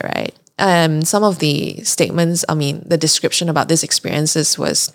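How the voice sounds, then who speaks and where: A woman's voice: sits low, moderate pace, vocal fry. A woman telling a travel story in a casual podcast chat, talking freely, laughing often and acting out what people said. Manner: chatty, laughs often, acts out quotes. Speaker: podcast guest recounting a trip.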